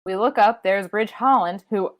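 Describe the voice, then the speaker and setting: A woman co-hosting a podcast, recapping a wrestling show in casual chat, swearing freely and leaping into high-pitched impressions. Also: moderate pace, dry recording. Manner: animated, profane, jumps into high-pitched impressions. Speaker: podcast co-host.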